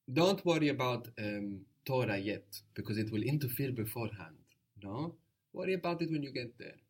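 A man teaching a spoken language lesson, patient and encouraging, explaining slowly and repeating words. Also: medium pitch, animated.

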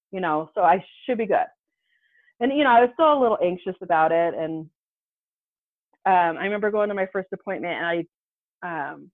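A woman's voice: mid-range voice, no room sound. A woman in her thirties, a podcast guest telling a personal story in casual talk, acting out the voices she quotes. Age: 30s. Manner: animated, acts out quoted voices. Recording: tinny phone-like line, dry.

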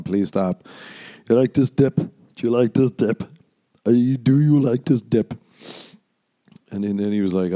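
A man's voice: on the low side, dark tone. A man hosting a podcast, rambling through a sardonic, sweary comedic monologue and putting on mocking voices for other people. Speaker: podcast host.

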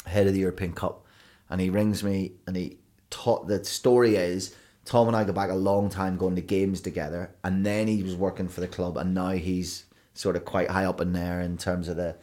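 A man, a broadcaster and DJ guest telling rambling, animated stories in a casual podcast chat. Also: deep voice, moderate pace. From Belfast, Northern Ireland. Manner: rambling, animated storytelling with restarts.

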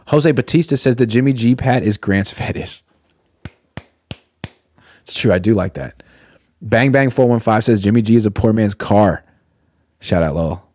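A man's voice: fairly low pitch, darkish tone, dry recording, clean studio sound. A man hosting a casual sports live stream, reading viewer comments aloud and answering them bluntly, swearing now and then.

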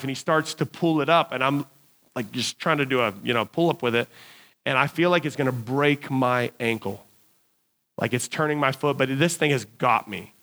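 A man preaching, telling a lively personal story as a sermon illustration and acting out his own cries. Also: fairly high pitch.

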